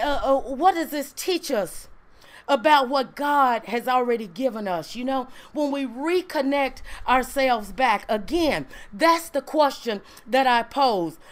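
Woman preacher, high voice, emphatic sermon delivery with "right?" and "amen" asides. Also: expressive, a little slow.

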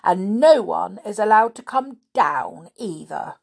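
A gang of wicked little red goblins jeers from a storybook tree, voiced by a woman reader. The voice comes out loud, high and a little breathy. Every word lands as a taunt. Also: lively intonation, slow pace, exaggerated voice. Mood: gloating. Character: sneering male red goblins, wicked and pushy.

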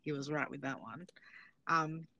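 A woman's voice: low-pitched, unhurried, creaky, pushed and bright, highs cut off. An Australian woman in her forties hosting a podcast, chatting casually and laughing between phrases. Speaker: podcast host. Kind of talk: casual chat.

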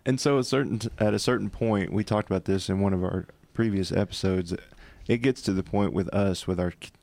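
A man's voice: fairly low pitch, fairly quick, vocal fry, a little mellow, no room sound. A man co-hosting a podcast, asking questions and joking in casual chat. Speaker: podcast co-host.

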